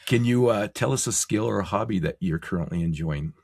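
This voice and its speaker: A man's voice: on the low side, brisk, creaky, darkish tone, breathy edge. A man co-hosting a podcast, chiming in with short supportive remarks and questions. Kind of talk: casual interview chat.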